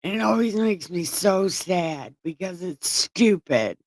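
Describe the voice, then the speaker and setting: A woman's voice: on the low side, animated, a little slow, darkish tone, dry recording. A woman reading scripture aloud and breaking off into irreverent, profane, sarcastic commentary. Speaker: online Bible reader and commentator.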